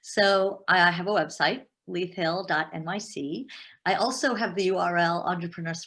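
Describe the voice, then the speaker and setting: A middle-aged woman talking as an interview guest and business coach, animated and emphatic, often repeating words as she restarts. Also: fairly low pitch, normal speed. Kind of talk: casual interview talk.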